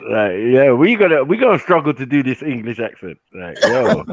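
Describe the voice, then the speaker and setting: A man's voice: mid-range voice, very animated, moderate pace, no echo. A man, a friend of the streamer, teasing and laughing in casual banter.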